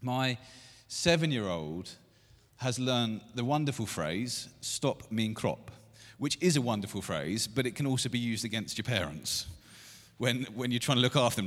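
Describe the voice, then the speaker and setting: A man in his thirties preaching a sermon to a church meeting, building to loud, emphatic repeated lines. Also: medium pitch, big pitch swings, normal speed. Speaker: pastor. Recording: long hall reverb.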